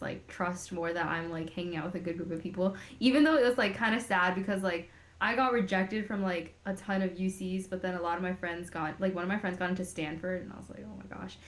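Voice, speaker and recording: A young woman co-hosting a student podcast, asking curious questions and laughing often, with rambling fillers. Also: fairly low pitch. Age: young adult. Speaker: podcast co-host. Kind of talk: casual chat. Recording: roomy with faint background hum.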